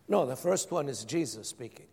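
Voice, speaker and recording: Pastor preaching in a hall. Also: male voice, mid-range voice, lively intonation, normal speed, creaky, darkish tone, slightly rough. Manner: rhetorical questions, emphatic repetition. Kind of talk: sermon.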